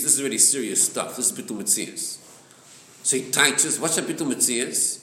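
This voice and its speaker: A man's voice: medium pitch, sharp tone. A man teaching a class, reading a text aloud and questioning his students about its meaning. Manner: questioning, quick, mixes Hebrew text reading with explanation. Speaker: teacher leading a text study. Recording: echoey room with background noise.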